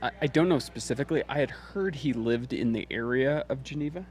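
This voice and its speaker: A man's voice: mid-range voice, brisk, darkish tone. Easygoing man commentating a race livestream. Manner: easygoing, dry humor.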